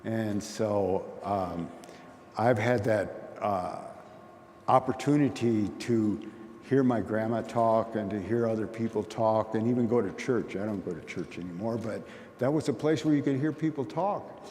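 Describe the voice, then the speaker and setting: A man's voice: fairly low pitch, a little slow, darkish tone. A man giving a conference talk in a plain, folksy storytelling manner. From Oneida community. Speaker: conference speaker. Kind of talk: conversational talk. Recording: long hall reverb, faint noise.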